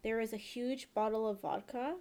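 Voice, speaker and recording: A young woman telling a long story in casual chat, profane and animated, checking in with "okay?" as she goes. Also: fairly high pitch, normal speed. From born and raised in the country she lives in.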